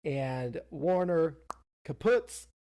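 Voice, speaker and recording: A man's voice: fairly high pitch, expressive, very slow, dark tone. A man co-hosting a podcast, recapping a TV episode in a casual, rambling way, full of fillers and self-interruptions. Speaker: podcast co-host.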